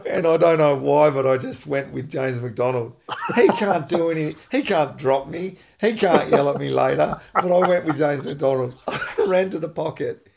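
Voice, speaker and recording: An Australian man and former footballer, hosting a casual chat and telling an animated story with frequent laughs. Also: on the high side, normal speed, vocal fry, background noise. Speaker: podcast host, former footballer.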